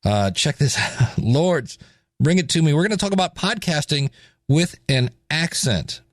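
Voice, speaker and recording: A man's voice: fairly high pitch, a little slow, dry recording, clean studio sound. A man hosting a podcast, talking casually and animatedly with jokes and asides. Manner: animated, chatty, joking. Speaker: podcast host.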